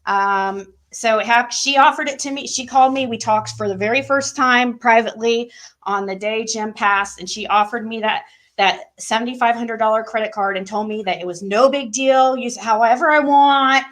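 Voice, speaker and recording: A woman with a fairly high, bright voice, speaking as a guest on a live stream. She rambles, restarts her sentences and repeats herself as she explains. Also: normal speed. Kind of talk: casual live-stream chat.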